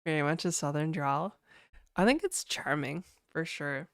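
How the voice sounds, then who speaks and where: Woman streamer, low-pitched, unhurried delivery, casual chat with viewers, dry close sound. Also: no room sound. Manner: laid-back, chatty, full of "like" and "dude", laughing often. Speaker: game developer streamer.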